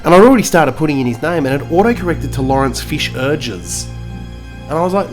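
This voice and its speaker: Man, rambling comic storyteller, self-mocking, slightly high voice, faint music behind. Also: very animated, fairly quick. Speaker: comedian.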